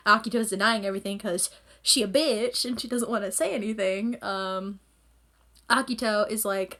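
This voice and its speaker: A woman giving an excitable, rambling, swear-filled casual recap of an anime episode as a reviewer. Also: on the high side, normal speed.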